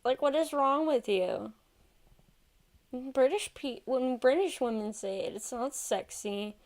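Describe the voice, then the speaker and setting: A woman's voice: high voice, a little slow, a little mellow. A woman streamer commenting casually on a video, exasperated and often restarting her sentences.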